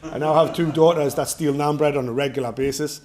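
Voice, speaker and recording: A self-defence instructor, a middle-aged man with a Geordie accent from North East England, tells his class jokey, wandering anecdotes in a casual way. He speaks briskly and steadily, his slightly mellow voice pitched on the high side.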